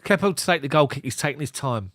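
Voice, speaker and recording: A man's voice: mid-range voice, lively intonation, quick pace, a bit bright, no room sound, studio quality. A man doing live ball-by-ball match commentary as a fan streamer, giving clipped play calls broken up by chatty asides.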